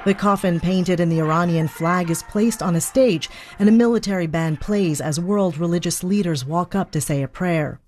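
A woman's voice: fairly low pitch, moderate pace. Woman correspondent filing a report. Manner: steady and even. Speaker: foreign correspondent. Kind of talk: scripted news report.

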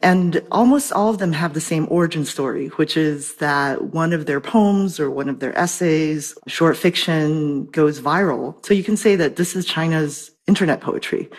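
Professor lady explaining stuff clearly, calling in remotely. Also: deep voice. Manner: articulate, lecturing. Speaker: professor and translator. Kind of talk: expert interview.

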